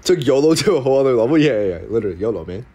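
A man's voice: mid-range voice, sing-song, very fast, mellow, husky. A young man hosting a casual livestream, telling stories in a rambling way with many fillers and restarts, and acting out the people he quotes. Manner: acts out quoted people in mock voices. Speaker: livestream host.

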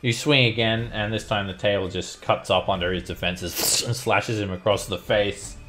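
A man's voice: fairly low pitch, fairly even intonation, moderate pace, pushed and bright. A man running an online tabletop game as dungeon master, narrating combat with frequent fillers. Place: home setup, playing online.

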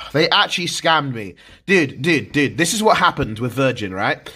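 Streamer guy losing it over his internet, husky voice, pitch jumping all over, swears nonstop. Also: animated, unhurried, bright, forceful tone. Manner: exasperated, swears constantly, repeats himself. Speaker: livestreamer. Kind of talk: frustrated livestream rant.

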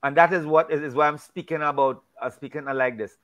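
A man with a slightly higher than usual voice talks through a Bible discussion in a casual way. He speaks emphatically and preachily. He often restarts and repeats words as he goes. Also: steady tone, brisk, dull audio.

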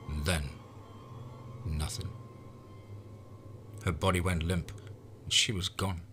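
A man reading a first-person horror story in a measured, low-key way. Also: bright, forceful tone, husky.

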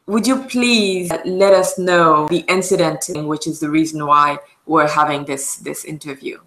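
A woman's voice: sits low, steady tone, measured pace, fairly bright tone. Polite woman interviewer in a roomy space. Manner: polite, formal questioning. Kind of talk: interview question.

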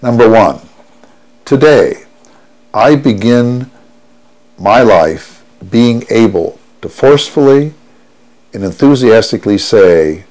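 A man guiding a listener through a hypnosis session, speaking in a soothing, unhurried way and repeating each affirmation. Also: mid-range voice, expressive, a little mellow. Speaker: stop-smoking hypnotherapist.

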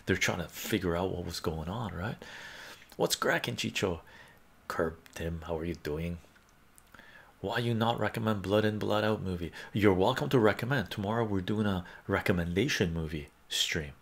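A man's voice: sits low, normal speed, creaky, breathy edge. A man hosting a casual livestream about movies, reading viewers' chat aloud and answering them with lots of fillers. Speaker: livestream host.

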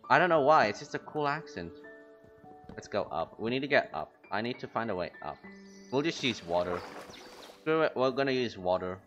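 A man streaming a game, rambling casually to his chat with quick excited outbursts. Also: lowish voice. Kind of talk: casual gaming commentary. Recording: lo-fi stream audio with faint music.

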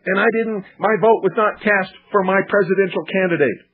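A man's voice: sits high, brisk, slightly rough, dry recording, pitched above the performer's own voice. A man mimicking a confused older woman voter complaining in a whiny voice, heard on old talk radio. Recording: tinny lo-fi archived radio broadcast.

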